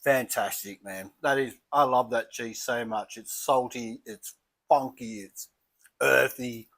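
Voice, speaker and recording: An Australian man reviewing beer in a casual home vlog, chatty and relaxed, talking as he eats and drinks. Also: medium pitch, slow pace, creaky. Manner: relaxed, chatty, thinking aloud while eating and sipping.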